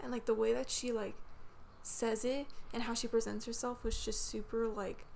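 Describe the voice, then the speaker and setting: A young woman with a fairly high, gravelly voice, chatting casually on a podcast. She tells stories with lots of swearing and laughter, acting out the people she describes. Faint noise sits under her voice. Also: fairly quick. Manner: animated storytelling, acting out customers, frequent laughter and swearing. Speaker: podcast host. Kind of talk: casual chat.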